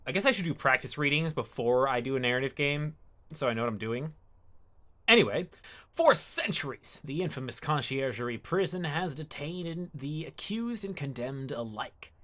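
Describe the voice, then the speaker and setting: A woman's voice: a bass voice, lively intonation, normal speed, a bit bright. Chatty woman streaming a game. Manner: chatty, muttering asides. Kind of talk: casual game commentary, reading text aloud.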